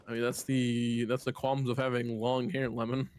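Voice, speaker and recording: A man's voice: medium pitch, little pitch movement, moderate pace, a little mellow. A man on a gaming stream, chatting in a laid-back way and swearing casually.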